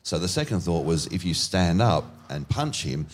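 A man's voice: low voice, big pitch swings, moderate pace. A man telling a crude, self-mocking story on a live comedy podcast, swearing freely and laughing as he goes.

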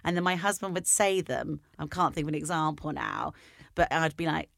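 A woman's voice: deep voice, a little fast, vocal fry, fairly bright tone, no room sound, studio quality. A woman co-hosting a podcast, chatting casually and laughing as she tells stories. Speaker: podcast co-host.

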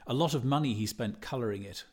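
Man doing hearty dublin gent, gossipy and brisk, bit louder than the narration. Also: mid-range voice, close to an everyday voice. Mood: wry. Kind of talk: audiobook reading.

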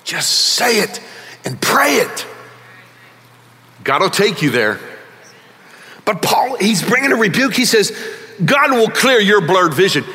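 A middle-aged male pastor preaching a sermon emphatically, swinging between loud bursts and quiet asides in a large church hall. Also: sits high, sing-song, takes it slowly, long pauses.

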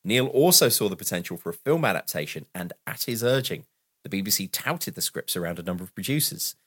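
Lively low-voiced man reading notes. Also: fast, no room sound. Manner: reads film background aloud with wry asides and frequent laughs. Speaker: podcast co-host. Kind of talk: casual film podcast chat, reading notes aloud.

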